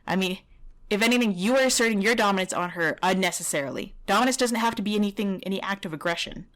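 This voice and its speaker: Woman, dog trainer, reaction commentary, blunt, heated, mid pitch. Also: fast, fairly bright tone. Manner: blunt, heated, swearing critique. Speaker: dog trainer reviewing a video.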